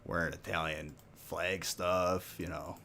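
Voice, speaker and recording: A man's voice: low voice, level tone, takes it slowly, creaky, pushed and bright, a little hiss or hum. A man hosting a live stream, ranting in casual chat and saying "like" a lot. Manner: ranting, heavy use of "like". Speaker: stream host.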